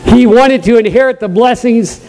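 A man with a New England accent preaching a sermon, stressing points loudly, dropping into low asides and putting questions straight to the congregation. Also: normal speed, low-quality recording. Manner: emphatic preaching, swinging between loud high stresses and low quiet asides; draws the congregation in with direct questions.

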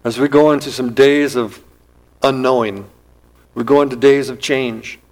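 A man's voice: medium pitch, steady tone, moderate pace, poor audio. A man preaching a sermon in an earnest, emphatic style, his voice rising and dropping as he speaks. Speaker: pastor.

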